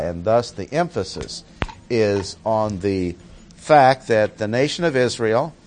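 A man's voice: on the low side, takes it slowly, darkish tone. Emphatic male Bible teacher. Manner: emphatic, repeats key words for stress.

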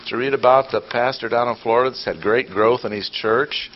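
A man's voice: mid-range voice, a little fast, hardly any pauses. An older man giving a teaching sermon. He fires off rhetorical questions, bursts into emphasis and drops dry, sarcastic asides. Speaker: preacher or Bible teacher. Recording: dull lo-fi audio with faint noise.

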